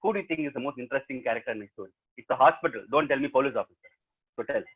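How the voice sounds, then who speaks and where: On a tinny webinar call from home, a professional storyteller with an Indian English accent animatedly tells students a story and quizzes them as he goes. His mid-range voice is rapid-fire with a breathy edge.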